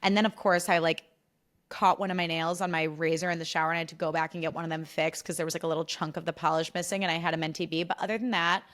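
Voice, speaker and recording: A woman's voice: lowish voice, flat delivery, fast talker, fairly bright tone. A young woman hosting a solo podcast, talking candidly in a chatty, confessional way with lots of "like" and quoted back-and-forth. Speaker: podcast host.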